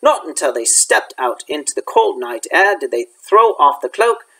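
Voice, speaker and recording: A man's voice: on the high side, normal speed, slightly rough, low-quality recording. Male teacher reading a storybook aloud. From United States. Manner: expressive storyteller. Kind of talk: reading a children's novel aloud.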